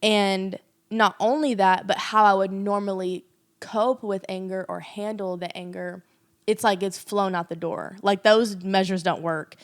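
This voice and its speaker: A woman's voice: medium pitch, steady tone, a little slow. Woman thinking aloud on a podcast. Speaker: podcast co-host. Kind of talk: faith podcast conversation.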